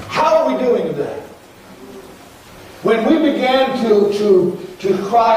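A man's voice: high-pitched, expressive, slow, darkish tone, slight background noise. A man, a pastor preaching a sermon in a church, earnest and repetitive, rising into pleading prayers. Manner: earnest preaching with repeated words and rising pleas. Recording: echoey church from a distance with faint ambience.

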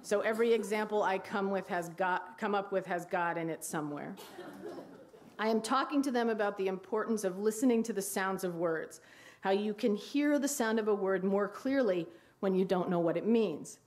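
A woman teacher giving a wry talk on writing dialogue, reading passages aloud. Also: normal speed. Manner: wry, reads quoted dialogue in a hushed low voice. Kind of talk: lecture with read-aloud excerpts. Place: lecture hall.

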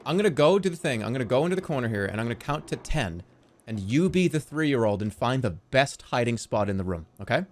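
A man streaming a game, joking around in goofy banter that swings from mumbling to yelling. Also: medium pitch, big pitch swings, fast. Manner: playful, jumps from mumbling to yelling.

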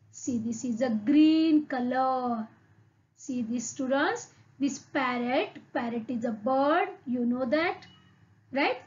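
High, very slow Indian English teacher. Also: female voice, darkish tone, muffled recording. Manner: repeats words slowly and asks the class questions. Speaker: primary school English teacher. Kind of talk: slow, deliberate online lesson for young children.

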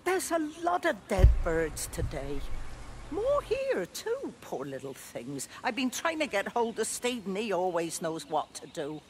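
A woman's voice: medium pitch, huge pitch swings, measured pace, a little mellow, a little hiss or hum. An actress playing a fussing village woman who frets over dead birds and a stray animal. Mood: fretful.

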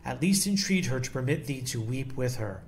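A man reading a devotional text aloud in a slow, solemn and measured way. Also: medium pitch, lively intonation, soft background music. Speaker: devotional reader.

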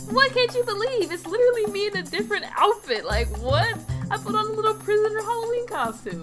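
A woman's voice: very high voice, big pitch swings, brisk, hardly any pauses, over music. A young woman narrating a game role-play in a casual, chatty, exasperated way, full of slangy asides.

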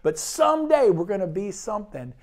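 This real estate broker from Sacramento, California speaks briskly and very animatedly in a high-sitting voice. His sales talk about his brokerage is enthusiastic and rambling, with repeated phrases.

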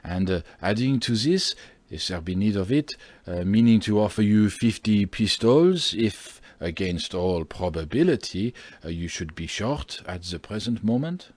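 Timid, fawning landlord in an audiobook, husky and hesitant, read by a man. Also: fairly low pitch, lively intonation, darkish tone, dry recording. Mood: nervous. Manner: slow, hesitant speech with fillers. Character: timid middle-aged male landlord, fearful, fawning.

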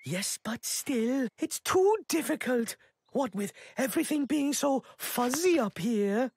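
Brief: a gentle, fussy cartoon mole, very high and sing-song, unhurried. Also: female voice, expressive, slight background noise. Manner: fussy, self-deprecating, rambling. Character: timid wistful male mole, older and gentle.

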